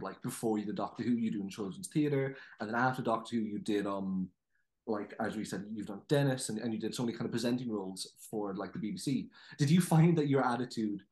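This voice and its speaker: A man's voice: medium pitch, animated, brisk, darkish tone, reverberant. A man interviewing a guest, asking loose questions full of fillers. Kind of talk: casual interview.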